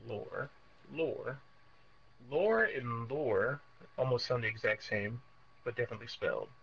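A man's voice: medium pitch, expressive, unhurried, vocal fry, fairly bright tone, lo-fi sound. A man gaming in a party chat, laid-back with dry jokes, over a headset mic. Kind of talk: casual chat while gaming.

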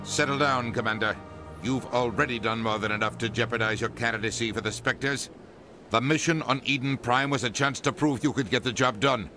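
An actor playing a stern, indignant human ambassador in a game. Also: male voice, mid-range voice, brisk, natural voice. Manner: sharp, demanding, stern. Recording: game audio over music.

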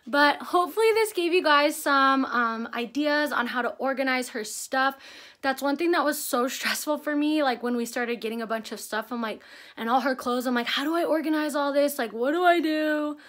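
High-voiced and a bit bright, a young pregnant woman in her twenties leads a vlog tour at normal speed. She gushes, chats away with plenty of "like," and runs short of breath.

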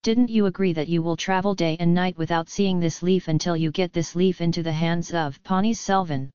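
A woman voicing a wily, sharp-tongued male Vaishnava devotee in an audiobook, with a teasing manner. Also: lowish voice, fairly even intonation, brisk, clear, resonant tone, dry recording, dull audio, close to an everyday voice. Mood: reproachful. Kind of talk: audiobook character reading.

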